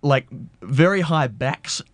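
A man's voice: medium pitch, lively intonation, slow pace, no room sound. An Australian man co-hosting a radio show, ranting in a playful, mock-indignant way. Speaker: radio co-host. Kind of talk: casual radio banter.

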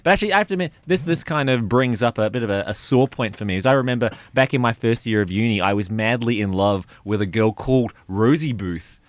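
A man's voice: medium pitch, quick pace, hardly any pauses, no room sound. A man co-hosting a radio show, curious and asking questions as he chats along. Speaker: radio co-host. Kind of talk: casual radio banter.

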